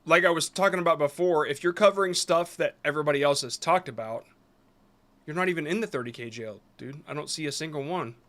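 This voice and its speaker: A man's voice: fairly high pitch, quick pace, a bit bright. A man reviewing viewers' short videos on a live stream, talking casually and rambling a bit as he gives frank advice.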